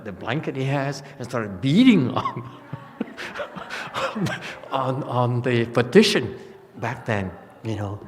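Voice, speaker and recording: A male Buddhist teacher tells stories in an unhurried, halting way, pausing on fillers and laughing often. His speech is slow. The sound carries a long hall reverb. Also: medium pitch. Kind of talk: dharma talk. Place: monastery hall.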